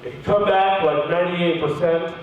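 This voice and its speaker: A male comedian voicing a calm, deadpan male doctor who delivers bad news slowly and flatly. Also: high voice, phone-quality sound, slight background noise, lightly acted. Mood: grave, deadpan. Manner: slow, flat, grave delivery. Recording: echoey hall from far off.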